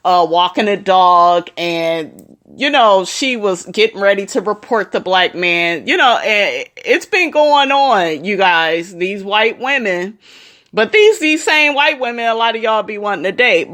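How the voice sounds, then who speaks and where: A woman's voice: mid-range voice, animated, unhurried, a bit bright. Blunt outspoken woman vlogger. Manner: blunt, outspoken, addresses viewers directly. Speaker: commentary vlogger. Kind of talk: casual commentary.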